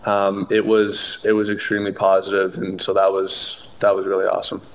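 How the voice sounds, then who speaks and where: Low, flat-voiced young man, earnest. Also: brisk, vocal fry. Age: young adult. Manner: earnest, many fillers and restarts. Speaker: interview guest, hockey player. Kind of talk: conversational interview.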